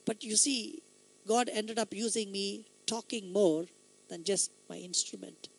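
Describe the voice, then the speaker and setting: A man's voice: steady tone, unhurried, gravelly. Man preaching in a light, womanly voice. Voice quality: light, high voice often taken for a woman's. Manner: emphatic storytelling, rising into loud exhortations. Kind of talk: sermon.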